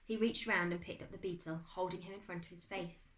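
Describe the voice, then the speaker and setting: A British woman teacher reading a chapter book aloud to her class, expressive and dramatic. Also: fairly low pitch, a little fast. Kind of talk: storybook read-aloud. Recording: echoey room.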